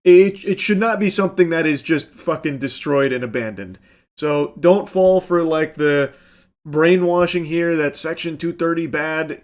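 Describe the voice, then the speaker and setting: A man giving excitable gameplay commentary, swearing, yelling and laughing at the game. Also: a little high, a little slow. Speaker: gaming commentator.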